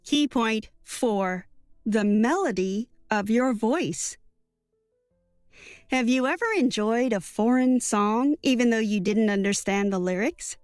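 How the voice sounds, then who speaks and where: A woman reading a book summary as scripted narration, in an even, measured way. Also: a little high, no echo. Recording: dry studio voice-over with soft music.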